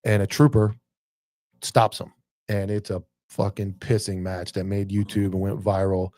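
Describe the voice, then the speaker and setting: A man's voice: lowish voice, little pitch movement, moderate pace, mellow, no echo. A man who is a former cop telling profane stories in casual podcast chat, acting out the people he quotes. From northern US.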